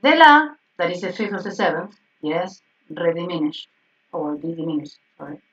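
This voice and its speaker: A woman piano teacher explaining harmony exercises in an online group lesson, checking in with frequent "yes?" and soft laughs. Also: on the low side, moderate pace. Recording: slightly dull, distant online call audio.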